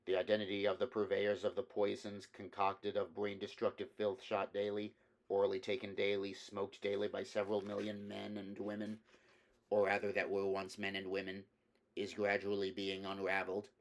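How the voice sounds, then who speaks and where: A man voicing an undercover male officer who delivers a rote speech with measured pauses. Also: fairly low pitch, monotone, lightly acted. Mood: oratorical.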